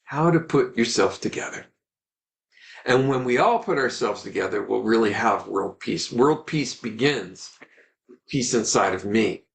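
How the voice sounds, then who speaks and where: A man teaching in a webinar, telling a story with animated, earnest delivery and ending on a gentle message. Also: on the low side, measured pace, vocal fry. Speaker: Ayurvedic teacher.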